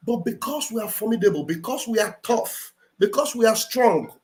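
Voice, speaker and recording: A man's voice: high voice, lively intonation, normal speed, a little mellow. A man hosting a livestream, giving impassioned, preachy commentary in an emphatic, repetitive way. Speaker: livestream host and political commentator. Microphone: computer mic on a live stream.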